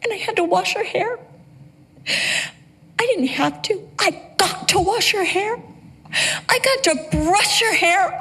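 High-voiced woman preaching earnestly. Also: animated, slow, pauses often, bright, forceful tone. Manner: emotional, earnest storytelling with acted quotes. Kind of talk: sermon with personal story.

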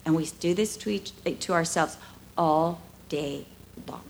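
A middle-aged woman preaching a sermon, expressive, acting out voices and dropping to hushed asides. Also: low-pitched, unhurried, vocal fry, slight background noise. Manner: expressive, acts out dialogue, drops to hushed asides.

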